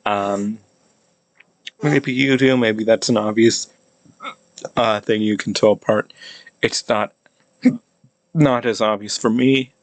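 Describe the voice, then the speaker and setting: An American language hobbyist teaches pronunciation in a casual practice video, speaking slowly in a fairly low, steady voice with frequent pauses. He practices old pronunciations aloud, repeating each sound many times in a hesitant, restarting way. The recording is dry.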